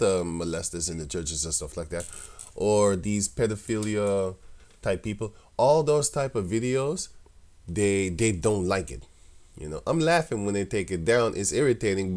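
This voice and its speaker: A man with a deep, low voice talks through scripture in a casual, rambling way. He laughs often and his tone is mocking and scornful, with frequent restarts. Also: darkish tone. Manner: loose and rambling, with many restarts. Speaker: religious commentator.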